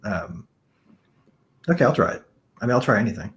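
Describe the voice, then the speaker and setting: Blunt, low-voiced male guest. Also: lively intonation, a little fast, a bit bright. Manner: emphatic, blunt, swears casually. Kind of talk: casual chat.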